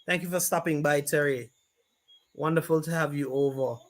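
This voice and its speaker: A man's voice: on the high side, fairly even intonation, normal speed. Friendly Jamaican man reading live chat. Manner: friendly, reads chat aloud and greets viewers by name. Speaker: live stream host. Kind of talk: casual live stream chat reading comments.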